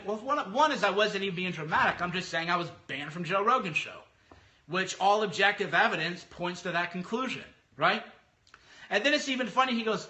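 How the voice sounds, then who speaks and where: Animated man with a high bright voice. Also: normal speed. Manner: animated, mocking impressions of others. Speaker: podcaster. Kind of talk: casual monologue.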